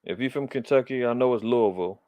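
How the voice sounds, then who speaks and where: A man's voice: medium pitch, lively intonation, moderate pace, dry recording, lo-fi sound. A middle-aged man from Los Angeles hosting a religious commentary show, indignant and preacherly as he comments on the news and reads scripture with emphasis.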